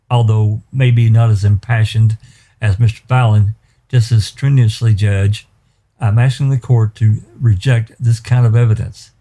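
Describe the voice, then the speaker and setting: Guy prosecutor arguing in court, really dark mellow voice, lots of uhs and restarts. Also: fairly low pitch. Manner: measured, halting with fillers and restarts. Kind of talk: courtroom legal argument.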